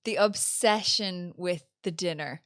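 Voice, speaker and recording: A woman's voice: lowish voice, a little slow, a bit bright, dry recording, studio quality. A young Irish woman co-hosting a podcast, chatting casually and laughing at herself. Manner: chatty, self-deprecating, laughs often. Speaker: podcast co-host. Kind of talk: casual chat.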